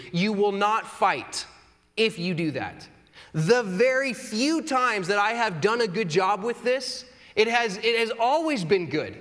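A man's voice: high voice, fairly bright tone. A man in his thirties preaching a sermon in a conversational, earnest way, with self-deprecating humor. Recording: long hall reverb.

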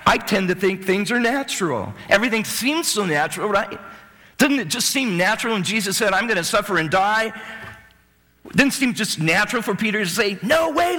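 Animated male preacher in a big reverberant hall. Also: sits high. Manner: animated, swings from loud to hushed. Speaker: pastor. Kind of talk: sermon.

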